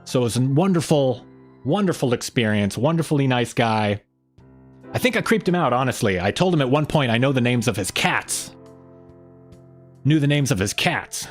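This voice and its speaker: A man hosts a relaxed livestream at a middle pitch. His voice rises and falls a lot as he rambles between topics and greets viewers in the chat. Soft music plays faintly underneath. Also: normal speed. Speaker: livestream host.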